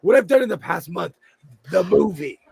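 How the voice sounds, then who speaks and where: A man with a Minnesotan accent hosting a sewing livestream, chatting playfully and breaking into loud laughing exclamations. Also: sits high, expressive, normal speed, gravelly, slightly rough, dry recording. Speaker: sewing channel host. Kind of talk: casual livestream chat.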